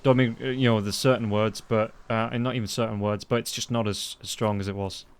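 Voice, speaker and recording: A man casting an esports match with play-by-play commentary, his voice rising quickly as the fights heat up. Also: fairly low pitch, clean tone. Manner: rapid, rising excitement during fights. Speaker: esports caster.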